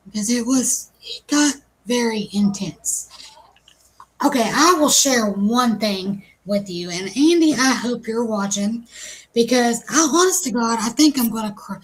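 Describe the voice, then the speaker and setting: A woman co-hosting a live stream, telling a self-mocking story in a casual, animated way. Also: mid-range voice, slight background noise, low-quality recording. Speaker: co-host.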